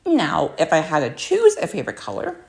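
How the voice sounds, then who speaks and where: A woman with a lowish voice chats casually on a home livestream. She rambles along, padding her talk with fillers and restarting her sentences often. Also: wildly swooping pitch, fairly quick, creaky, a little mellow. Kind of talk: casual chat.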